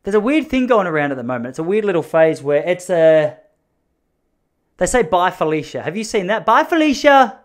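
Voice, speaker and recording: A man's voice: a little high, expressive, fast, hardly any pauses. A man hosting a solo podcast, rambling through jokey, self-mocking asides. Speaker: podcast host.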